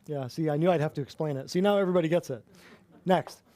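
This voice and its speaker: Sarcastic high-voiced male host. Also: quick pace, mellow, a little hiss or hum. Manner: sarcastic, mocking, repeats words for emphasis. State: winded. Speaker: podcast host. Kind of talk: sarcastic monologue.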